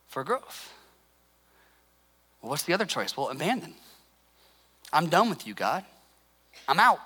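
Guy preaching, high bright voice, chatty, acts out little quotes, goes quiet n low for emphasis. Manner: drops to a soft, low intensity for emphasis. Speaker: pastor. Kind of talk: sermon.

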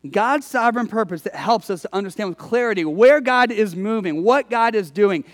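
A man's voice: high-pitched, moderate pace, long reverb tail. A male pastor preaching a conversational sermon, telling stories with emphatic delivery.

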